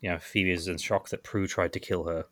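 A man co-hosting a podcast, talking through a comic, with lots of agreeing hums and halting restarts. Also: sits low, steady tone, a bit bright, dry recording. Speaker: podcast co-host. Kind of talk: casual chat about a comic.

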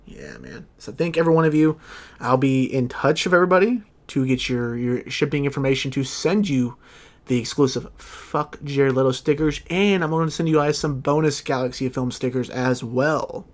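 A man's voice: mid-range voice, expressive, normal speed. A young man hosting a podcast in casual, profane chat, often stumbling over his words and laughing. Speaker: podcast host.

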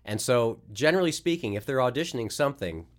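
A man's voice: medium pitch, lively intonation, fast talker. A man who works as a voice actor, talking as a podcast guest in a loose, rambling way, full of restarts and laughing at his own stories. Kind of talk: casual podcast interview.

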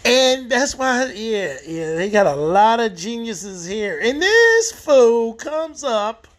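High-voiced man recapping a TV episode. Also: big pitch swings, slow pace, a bit bright. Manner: rambling storyteller who restarts phrases; acts out quoted lines in retelling. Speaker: TV show reviewer.

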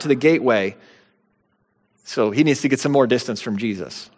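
Male pastor, mid-pitched, conversational sermon delivery with dramatic quotes, long hall reverb. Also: moderate pace, husky. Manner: conversational teaching with bursts of dramatic quotation.

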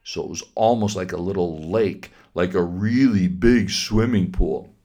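A man's voice: sits low, unhurried, dark tone. An older man narrating a story to children in a folksy way, repeating himself and asking his young listeners questions. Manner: folksy, repetitive, talks to children.

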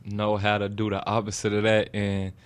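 A man with a somewhat low voice co-hosts a casual talk show. He speaks in a laid-back, slangy way and keeps checking in with "you feel me" as he makes his point. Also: monotone, normal speed, clean tone. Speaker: co-host.

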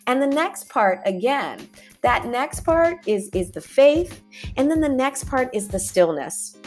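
A woman's voice: sits high, sing-song, a little slow, darkish tone. Lady podcast host cheering folks on, says y'all a lot, faint music underneath. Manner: encouraging, repetitive, says y'all. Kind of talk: motivational podcast talk.

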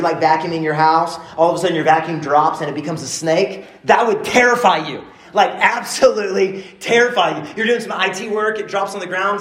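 A man from East Texas preaching a sermon in a casual, animated, joking way. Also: sits high, reverberant. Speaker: pastor.

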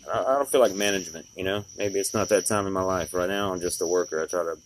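This fast-talking man has a low voice and is recorded with slight background noise. A middle-aged glass installer, he rambles folksily through his day's stories on a casual personal vlog, using lots of fillers.

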